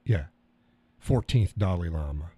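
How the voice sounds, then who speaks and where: Middle-aged guy rambling on his live stream, lowish dark voice, dry sound. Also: expressive, a little slow, husky. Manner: rambling, swears casually, chuckles often. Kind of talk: casual chat reading viewer comments.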